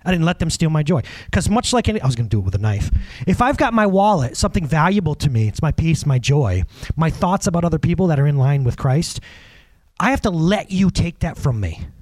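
Animated high-voiced male preacher telling stories. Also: brisk, no room sound. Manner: animated storyteller, acts out other people, chuckles often. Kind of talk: conversational sermon with personal stories.

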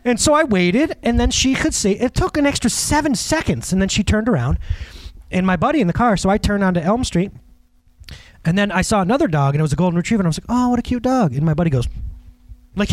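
A male preacher with a high, lively voice that swings all over as he tells stories from the pulpit. He talks in a casual, animated way, acts out the people in his tales and chuckles often. The sound is close and dry. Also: fast, no room sound. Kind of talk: conversational sermon with personal stories.

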